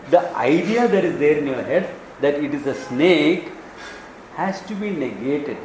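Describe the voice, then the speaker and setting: Animated Indian man teaching Vedanta. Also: fairly high pitch, a little slow, pauses often, echoey room, a little hiss or hum, rough recording. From Kerala, India. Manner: animated storytelling, acts out dialogues, chuckles often. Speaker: spiritual teacher. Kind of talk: Vedanta discourse.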